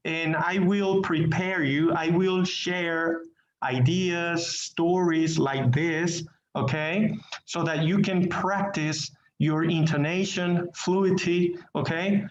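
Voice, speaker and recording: Spanish-speaking guy teaching english class online, talks real slow, repeats himself, roomy muffled sound. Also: a little high, fairly even intonation. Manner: slow, deliberate, repeats words while searching for them. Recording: echoey, dull online class audio.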